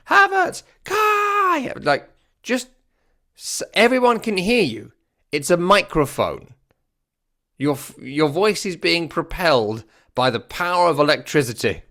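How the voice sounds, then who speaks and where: A man in a casual football podcast, reviewing a match in an animated, wry way. His voice sits at an ordinary middle pitch, and he often repeats a phrase for emphasis. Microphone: works regularly on a microphone.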